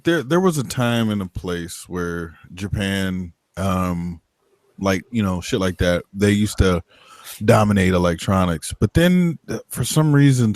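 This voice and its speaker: A man telling stories in casual chat, rambling and animated, swearing freely. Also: deep voice, no echo. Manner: profane, rambling storyteller; loose and animated.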